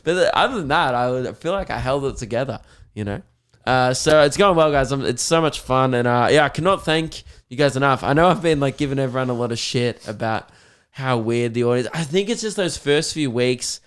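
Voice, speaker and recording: A young man chats on his podcast in a medium-pitched voice. He tells stories with energy and slips into other people's voices as he goes. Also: brisk, clean tone. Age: young adult. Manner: animated storyteller who acts out voices of others. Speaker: podcast host and comedian. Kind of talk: casual podcast chat.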